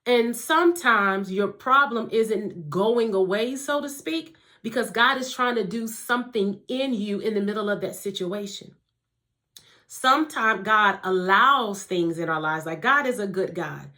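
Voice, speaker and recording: Woman faith teacher, casual devotional talk to camera, expressive, mid pitch. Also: a little slow. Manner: warm conversational preaching, addresses listeners as family and honey.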